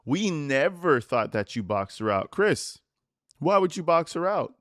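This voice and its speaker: A man ranting in a profane, mocking, animated style while giving reaction commentary on a video. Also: on the high side, a little slow, no room sound, clean studio sound. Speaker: commentary YouTuber.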